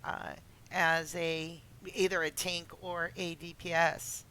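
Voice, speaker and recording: Bright-voiced woman hosting a chat. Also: lowish voice, little pitch movement, a little hiss or hum. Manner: chatty, filler-heavy, halting starts. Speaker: host. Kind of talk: casual chat.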